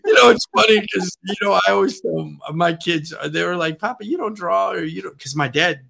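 A man's voice: high-pitched, fairly quick, creaky, sharp tone. A man in a casual chat who tells easygoing, self-deprecating stories.

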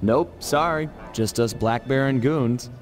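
An actor voicing a big, friendly, goofy male hippo sidekick with a deep voice in a video game. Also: unhurried, faint music behind, close to an everyday voice. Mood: cheerful. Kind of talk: video game cutscene voice acting.

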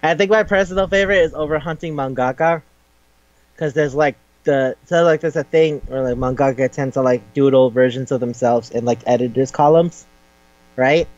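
A man's voice: mid-range voice, normal speed, darkish tone, no room sound. A man chatting casually and retelling a manga plot in a rambling way, full of "like" and swearing. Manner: rambling, lots of "like" and swearing, brief quoted voices. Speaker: podcast co-host. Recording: dull lo-fi sound.

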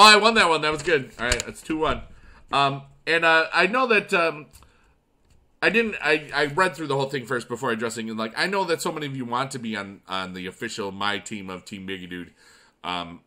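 A young man from upstate New York hosting a casual gaming video, chatting while reading fan mail and bursting into excited cheers. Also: lowish voice. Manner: excitable, swings into loud shouting cheers. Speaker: YouTube gaming channel host.

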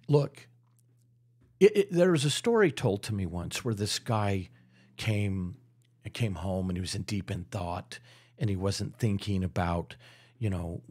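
A middle-aged Utah man with a low, slightly rough voice chats as a real estate guest on a casual podcast. He's animated, acting out the voices of the people he describes.

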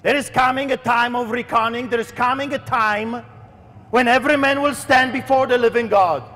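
High, fervent shouting street preacher man. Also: normal speed, long reverb tail. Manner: fervent, declamatory, often shouting. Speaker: street pastor. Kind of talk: open-air street sermon. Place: outdoors in the wind.

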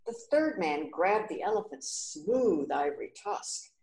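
A woman reading a children's story aloud clearly and expressively. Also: fairly low pitch, big pitch swings, measured pace, darkish tone, echoey room.

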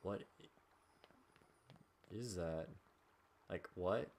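A man's voice: deep voice, drawn-out words, gravelly, darkish tone, slight background noise. A young man hosting a let's play, chatting casually, joking and reading game text aloud.

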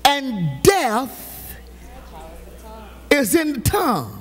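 A preacher man delivers his sermon in a high, ringing, bright voice. He takes his time, drawing words out slowly before lifting into shouts. He ribs the congregation with playful humor. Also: wildly swooping pitch. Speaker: pastor. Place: church sanctuary.

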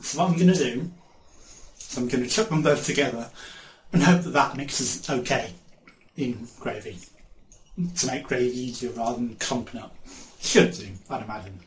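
Speaking at a moderate pace with long pauses, this man has a mid-range voice. He's a vlogger from England rambling through a casual haul video, laughing a lot and sometimes talking while eating. The recording has an echoey room and faint noise.

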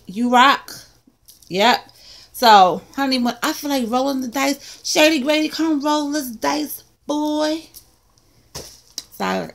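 High-voiced excitable woman vlogger. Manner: excitable, bursting into exclamations and playful asides. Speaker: vlogger showing a haul of craft supplies. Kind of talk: casual haul vlog.

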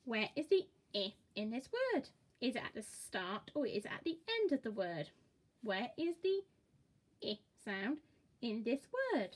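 Brief: woman, children's phonics teacher, slow deliberate delivery, bouncy melodic voice. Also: a little high, big pitch swings. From England. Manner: slow, encouraging, exaggerated sound-by-sound modelling.

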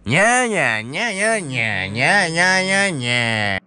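A man's voice: a little high, big pitch swings, drawn-out words, sharp tone, smooth, pitched above the performer's own voice, exaggerated voice. A man voicing a babbling fat little brother who mostly makes nonsense sounds.

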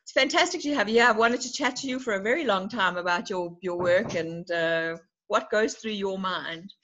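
A woman's voice: medium pitch, moderate pace, fairly bright tone. A woman hosting an online interview, asking enthusiastic questions over a video call. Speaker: interview host. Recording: dull lo-fi online call audio.

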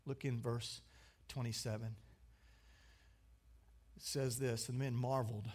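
A man preaching a sermon, swinging between emphatic, raised lines and hushed, quiet ones. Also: medium pitch, measured pace, long pauses, slightly rough. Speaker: pastor.

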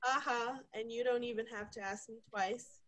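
A woman co-hosting a casual podcast, playful and quick to laugh. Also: on the high side, steady tone, fairly bright tone. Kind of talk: casual chat.

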